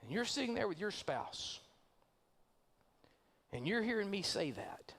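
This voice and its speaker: In a church sanctuary, a male pastor delivers a sermon with a fairly bright, sing-song voice that sits a little higher than most men's, speaking a little slowly. He tells a long story, acting out each character's lines and shifting his delivery for every one.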